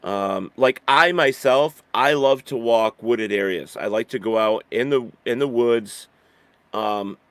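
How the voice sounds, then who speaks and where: A man's voice: medium pitch, unhurried, a bit bright, clear, resonant tone, dry recording. A man in casual chat who rambles with restarts and laughs easily.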